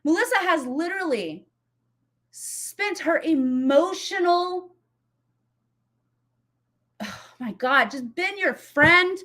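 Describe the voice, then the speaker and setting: A woman's voice: extremely high pitch, animated, slow, long pauses, pushed and bright. A woman hosting a reaction commentary video, heated and blunt, swearing freely as she talks back to a clip. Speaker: commentary YouTuber.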